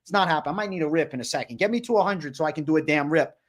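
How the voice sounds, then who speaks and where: Young man, livestream host, high voice, excited, repetitive, swearing. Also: rapid-fire. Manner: excited, repetitive, swearing, addresses viewers as bro. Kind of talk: livestream commentary.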